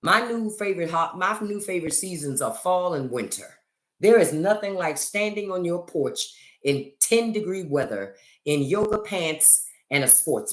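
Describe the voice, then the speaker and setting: This middle-aged livestream host has a fairly low, animated voice and talks at a normal speed. She chats casually into her phone, cracking jokes and spinning stories with a theatrical touch, and the room around her echoes.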